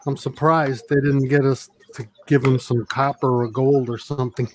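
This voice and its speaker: A man's voice: medium pitch, flat delivery, normal speed, darkish tone, slight background noise. A man playing a tabletop game, chatting casually and musing aloud in character. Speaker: player.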